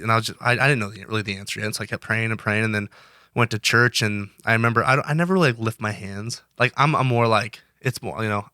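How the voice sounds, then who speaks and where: Twenties male interview guest, bright and brisk delivery, earnest and rambling. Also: on the low side, no echo, clean studio sound. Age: 20s. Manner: earnest, rambling with many restarts. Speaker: guest, college wrestler. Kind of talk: casual interview talk.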